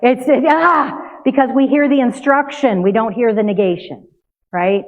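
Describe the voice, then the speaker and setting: An older woman giving a sermon, telling a family story in a conversational, lively way. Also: fairly high pitch, moderate pace. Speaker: minister. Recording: tinny phone-like sound.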